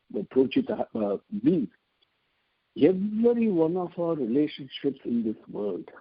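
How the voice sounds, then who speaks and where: A man giving an earnest devotional talk on scripture, explaining slowly and repeating phrases for emphasis, heard over a telephone line. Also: fairly high pitch, vocal fry, slightly rough. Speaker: spiritual teacher.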